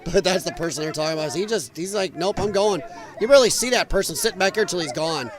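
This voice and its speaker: A man's voice: high-pitched, lively intonation, fast, crowd noise. A man hosting a political podcast, giving blunt, indignant commentary and swearing freely. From United States. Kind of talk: opinionated livestream commentary.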